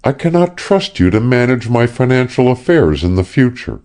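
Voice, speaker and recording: A man voicing a calm, sad young woman in an audiobook. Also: medium pitch, normal speed, voice pushed up, lightly acted.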